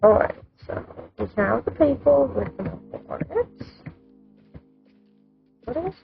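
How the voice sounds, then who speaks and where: A woman's voice: high-pitched, sing-song, slow, gravelly. A woman hosting a let's play, musing casually and thinking aloud about the game. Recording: phone-like lo-fi mic with game music.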